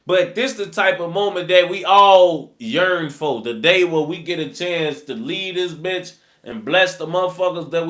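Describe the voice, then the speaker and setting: A man's voice: on the high side, fairly bright tone. A man, telling his own story in rambling, slang-heavy street talk full of fillers. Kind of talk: casual storytelling.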